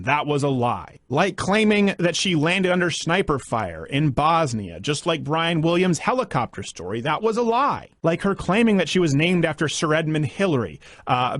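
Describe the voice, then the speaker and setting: A man narrates a political commentary with emphatic, sarcastic asides. His voice sits fairly high and swings widely in pitch. It is recorded close and dry. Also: dry recording.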